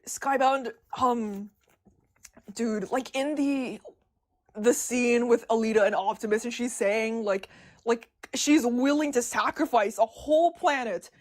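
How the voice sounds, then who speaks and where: High-voiced excitable woman who stutters. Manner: excitable, stutters and restarts words. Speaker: streamer discussing comics with chat. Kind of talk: casual livestream chat.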